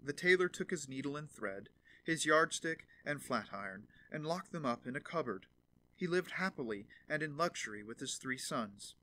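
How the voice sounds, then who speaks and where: A man narrating a fairy tale audiobook in an expressive storytelling manner. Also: a little high, moderate pace.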